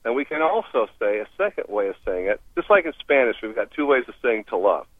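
On a tinny phone line, a man of medium pitch talks a little fast with big swings in his pitch, and the recording is dry. As a language expert guest on a radio show, he explains foreign phrases in an upbeat, teacherly style and laughs easily.

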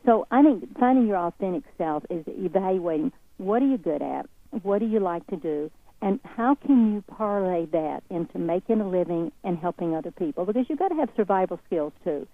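A woman's voice: on the low side, expressive, fairly quick, dry recording. A woman with a Southern accent, a guest speaking in an interview in a folksy, earnest, encouraging way. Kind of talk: motivational interview talk. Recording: tinny phone line.

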